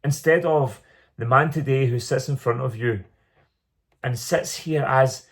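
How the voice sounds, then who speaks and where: A man's voice: medium pitch, unhurried. An earnest man in the middle of his speaking range, telling his own story as a reflective monologue. He leans on repeated phrases to drive his points home. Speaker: small business owner telling his story.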